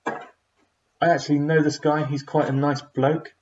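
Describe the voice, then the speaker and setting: A man's voice: fairly high pitch, flat delivery, moderate pace, darkish tone, a little hiss or hum. Rambling man chatting on a lo-fi stream. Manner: rambling, reads out chat messages with many fillers. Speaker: streamer answering viewer questions. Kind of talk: casual live-stream chat.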